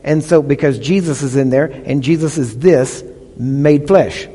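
A man preaching with a fairly high voice, leaning hard on key words and checking in with the congregation between points. His voice rings out with a long reverb, as if he is in a large church hall. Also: unhurried, warm tone, husky. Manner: emphatic teaching with call-and-response checks. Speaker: pastor. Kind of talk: sermon.

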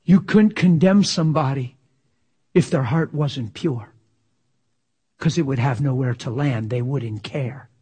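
A man preaching a sermon with passion, swinging from loud exclamations to near-whispers. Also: medium pitch, measured pace, pauses often, slightly rough.

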